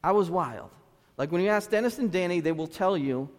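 A man in his thirties from Lynn, Massachusetts, with a Boston-area accent, preaching a sermon as a pastor through animated storytelling with street slang. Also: high-pitched, brisk. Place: church sanctuary. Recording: reverberant church hall.

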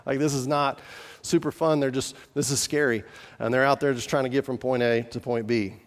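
A man gives a sermon in a relaxed, conversational way, breaking off and restarting his sentences as he talks to the congregation. His mid-pitched voice rings out with a long reverb from a large hall. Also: fairly quick. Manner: conversational preaching with restarts and asides. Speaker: pastor.

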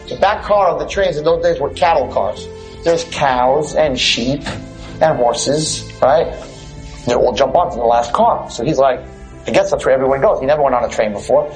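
A man telling a parable in a sermon, animated and conversational. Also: on the high side, rough recording. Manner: animated, conversational, asks "right?". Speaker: religious teacher. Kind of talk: sermon storytelling.

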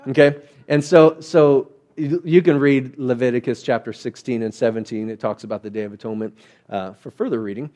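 A man's voice: medium pitch, fairly even intonation, a little fast, dark tone. A man preaching a sermon as a pastor, telling the story in a chatty way and acting out the quotes.

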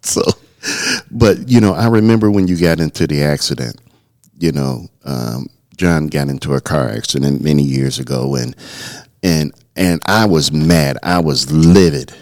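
Deep-voiced earnest male pastor. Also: expressive, moderate pace, gravelly, darkish tone. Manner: earnest, storytelling, repeats words when starting. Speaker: pastor and podcast co-host. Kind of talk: casual podcast conversation.

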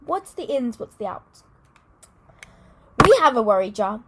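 A woman's voice: a little high, sing-song, a little slow, fairly bright tone, slightly rough. A teenage girl co-hosting a podcast, chatting in a rambling, giggly way. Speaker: podcast co-host. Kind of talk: casual chat.

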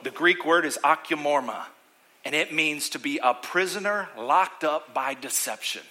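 Animated, bright-voiced man preaching a sermon. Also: fairly high pitch, moderate pace. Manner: sarcastic, animated preaching with mock voices and call-and-response. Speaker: pastor. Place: church auditorium.

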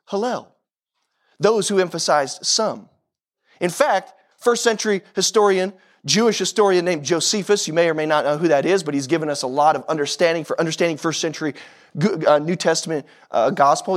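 A pastor preaching a sermon with fervor, repeating phrases and talking straight to his congregation. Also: a little high.

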